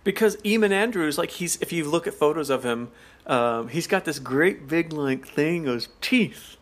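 A man's voice: on the high side, animated, normal speed. A man co-hosting a podcast in casual chat, talking loosely with lots of fillers and frequent laughs. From United States. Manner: chatty, laughs often, many fillers. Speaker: podcast co-host.

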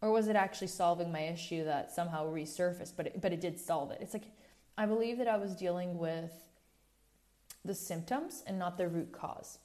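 A woman with a lowish, dark-toned voice talks briskly in a casual podcast monologue. As host, she rambles candidly, often correcting herself and going off on asides, and comes across as a little preachy.

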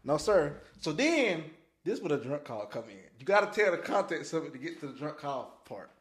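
Lively echoey podcast man. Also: a little high, fairly quick. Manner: animated, slangy, laughs often, acts out quotes. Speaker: podcast host. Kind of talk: casual storytelling chat. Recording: echoey room.

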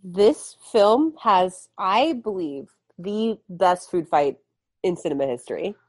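A woman's voice: lowish voice, expressive, takes it slowly. A young woman co-hosting a casual podcast, giving playful, laughing commentary on a movie. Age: young adult. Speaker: podcast co-host. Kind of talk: casual chat reviewing a movie.

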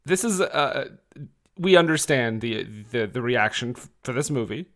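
A man's voice: mid-range voice, animated, moderate pace, a bit bright. Jokey podcast host in his thirties. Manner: jokey, laughs easily. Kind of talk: casual podcast chat.

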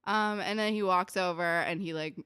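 A woman's voice: fairly low pitch, moderate pace, sharp tone, clear, resonant tone, no room sound. Chatty sarcastic woman recapping a show. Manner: chatty, sarcastic, swears, lots of "like". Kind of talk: casual recap chat.

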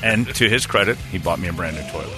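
A man's voice: sits low, fast, over music. A man from San Diego hosting a comedy talk show, telling crude rambling stories. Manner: crude, rambling storytelling with laughs. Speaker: host. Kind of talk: casual comedic banter.

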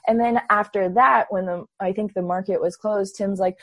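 A woman in her twenties, a guest telling her story in a casual, animated way and acting out her own past thoughts. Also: mid-range voice, moderate pace, dry recording. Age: 20s. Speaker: interview guest.

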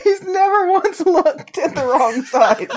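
A woman's voice: extremely high pitch, expressive, slow. A woman co-hosting a comedy podcast, giggling and riffing along in improvised worldbuilding. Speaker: podcast co-host.

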